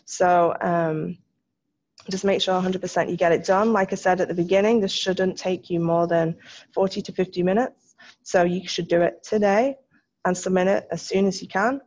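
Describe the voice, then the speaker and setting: A woman's voice: fairly low pitch, fairly even intonation, moderate pace, a little mellow. A woman French teacher giving a recorded lesson, patiently explaining in English with French phrases. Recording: dull lo-fi recording.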